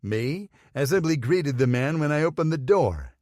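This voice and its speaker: A man playing a gruff, jealous, teasing partner. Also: fairly high pitch, expressive, normal speed, a little mellow, no echo, studio quality, pitched above the performer's own voice, lightly acted. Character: jealous, playful grown man, partner and father.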